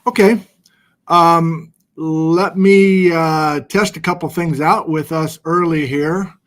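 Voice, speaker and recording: A man's voice: on the high side, steady tone, takes it slowly, fairly bright tone. Chatty man hosting a livestream. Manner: chatty, self-deprecating, reads viewer locations aloud. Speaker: livestream host. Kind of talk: casual livestream chat. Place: home studio with document camera.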